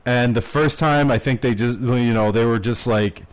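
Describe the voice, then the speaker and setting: A man's voice: mid-range voice, normal speed, clean tone, poor audio. A man co-hosting a podcast, telling a story in a rambling, casual way with lots of fillers and swearing. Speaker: podcast co-host. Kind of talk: casual chat.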